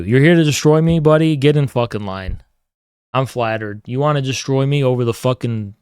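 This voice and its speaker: Here a man hosting a livestream rants in a casual way, full of heavy swearing and mock-grandiose taunts. His medium-pitched voice is a little mellow with a clean tone, at a moderate pace, and the studio recording is dry and clean.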